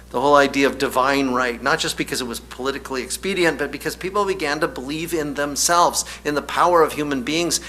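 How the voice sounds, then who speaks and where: Wry male preacher, bright and forceful, slightly high pitch, faint hum behind. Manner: storytelling, wry, laughs often. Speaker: minister. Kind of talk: sermon.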